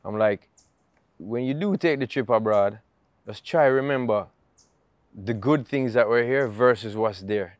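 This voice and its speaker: A middle-aged Jamaican man telling stories in a relaxed, easygoing interview chat, laughing often. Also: mid-range voice, a little slow, no echo. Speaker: guest musician.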